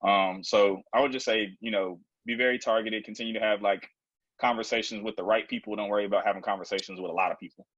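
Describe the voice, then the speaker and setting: Man, lowish voice, laid-back, thoughtful, dry lo-fi sound. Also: steady tone, quick pace, fairly bright tone, no room sound. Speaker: co-host. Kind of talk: casual chat on a video call.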